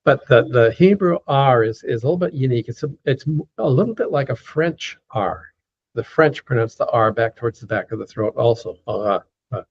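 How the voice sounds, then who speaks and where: A man teaching a class, patiently saying words slowly and repeating them, with many fillers, over an online call. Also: medium pitch, lively intonation, husky. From United States. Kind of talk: lecture teaching pronunciation. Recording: dull lo-fi call audio.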